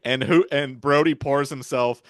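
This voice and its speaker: A man's voice: mid-range voice, fairly even intonation, a little slow, dry recording, clean studio sound. A man hosting a podcast, retelling film scenes in a rambling, casual way with chuckles. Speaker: podcast host.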